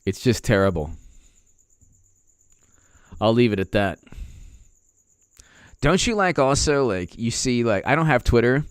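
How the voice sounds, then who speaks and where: A man's voice: medium pitch, big pitch swings, measured pace, long pauses, smooth, dry recording, clean studio sound. A man hosting a political commentary vlog, ranting sarcastically and repeating himself in disbelief. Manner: sarcastic, repetitive, incredulous. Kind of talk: casual political rant.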